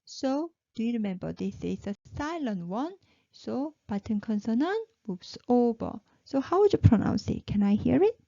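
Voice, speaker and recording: Her fairly high voice is sing-song, gravelly, and warm, at a moderate pace. Teaching Korean pronunciation in a slow drill, she says each syllable three times and praises her students. There's no room sound, though the lo-fi recording is slightly dull.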